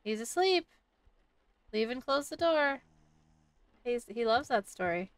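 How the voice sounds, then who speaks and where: A gaming YouTuber plays a horror game, chatting playfully and commenting as she goes, often talking to the game's baby. Her voice is a little high and smooth, with lively intonation and a slow pace, recorded from a distance with no room sound.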